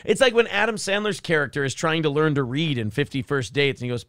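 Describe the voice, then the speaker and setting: A man's voice: a little high, lively intonation, a little fast, hardly any pauses, pushed and bright, no echo, studio quality. A man hosting a morning radio show, chatting casually and mocking with a sarcastic, laughing delivery. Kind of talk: casual comedic chat. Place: radio studio.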